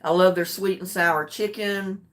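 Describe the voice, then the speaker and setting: An older woman chatting casually with her livestream viewers, drowsy and relaxed, homey and chuckling often. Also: on the low side, a little slow. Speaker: livestream host. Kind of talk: casual chat with live viewers.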